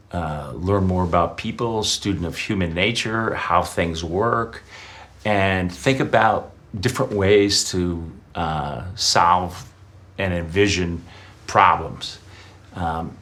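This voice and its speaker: A man's voice: sits low, a bit bright. A middle-aged man answering interview questions in a reflective way, sharing personal anecdotes. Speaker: interview guest.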